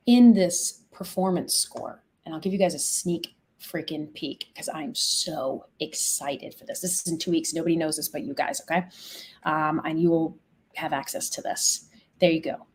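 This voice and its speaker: A woman hosting a live product demo, chatty and excitable, gushing over features and casually swearing. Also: fairly low pitch. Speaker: logistics software founder and host.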